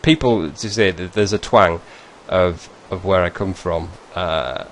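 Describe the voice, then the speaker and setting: Over a screen share, a male vlogger from northeast England chats casually with his audience in a low, slightly slow voice with a northern English accent. He keeps correcting himself mid-sentence, rambles, and tosses in chuckling asides, while a little hiss or hum sits under the recording.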